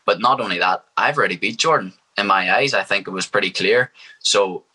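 A man's voice: fairly low pitch, brisk, pushed and bright, slightly rough, low-quality recording. A young man, a fighter speaking as a guest in a casual interview, confident and hyped. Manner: confident, hyped, trash-talking.

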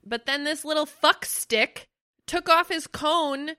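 A young woman co-hosting a podcast in casual chat, her voice bright and a little high. She swears freely and laughs a lot, wearing her feelings openly. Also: takes it slowly. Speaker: podcast co-host.

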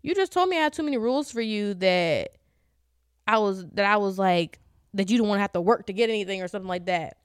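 A woman's voice: mid-range voice, lively intonation, fast talker, clean tone, no echo, clean studio sound. Candid young woman podcast co-host. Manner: candid, laughs often, trails off with fillers. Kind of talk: casual chat.

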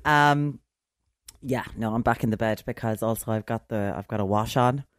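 A woman's voice: a bass voice, moderate pace, no room sound. A tired woman co-hosting a podcast from her bed, dry and wry in casual chat. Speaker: podcast co-host. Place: home bedroom, in bed.

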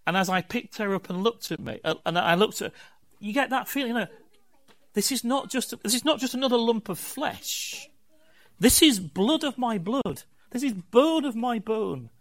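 An older man preaching a conversational sermon in a notably high voice. He speaks candidly, building his points in rhythmic, emphatic lists, as a pastor talking openly to his own congregation. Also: fairly bright tone.

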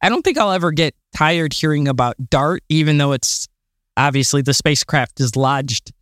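Man, podcast co-host, fairly high voice, dry close sound, casual and excitable. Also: moderate pace, no room sound. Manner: enthusiastic, exasperated rants with fillers and laughs. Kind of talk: casual chat.

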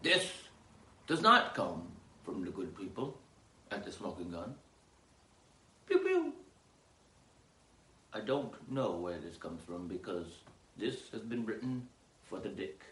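Podcast guy rambling and joking, bright voice, grainy clicky audio in an echoey room. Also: low voice, expressive, measured pace. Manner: theatrical, jokey, swings between loud outbursts and mumbled asides. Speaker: podcast host. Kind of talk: rambling comedic podcast chat.

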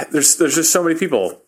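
A man's voice: a little high, expressive, normal speed, a bit bright. A man co-hosting a podcast in casual chat, making dry, wry remarks. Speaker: podcast co-host.

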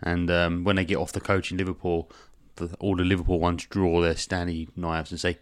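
A man's voice: deep voice, little pitch movement, brisk, no echo, studio quality. A man, a podcast co-host, recapping a film in a rambling, jokey way and swearing in casual comedic chat.

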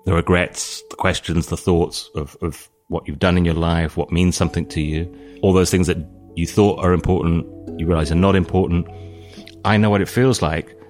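Deep-voiced calm British man. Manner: calm, thoughtful storytelling. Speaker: guest. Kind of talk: reflective interview talk.

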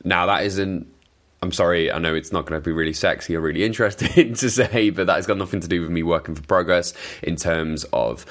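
A man with a very low voice speaks casually to his viewers. He picks his words with care, pausing on fillers and correcting himself as he goes. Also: a bit bright. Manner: hesitant, with fillers and self-corrections. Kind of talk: casual talk to camera.

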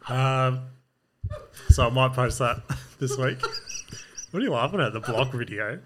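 A man's voice: mid-range voice, a little slow, noisy background. A man with an Australian accent, co-hosting a podcast in casual chat, laid-back and self-mocking, with frequent swearing. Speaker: podcast co-host and comedian.

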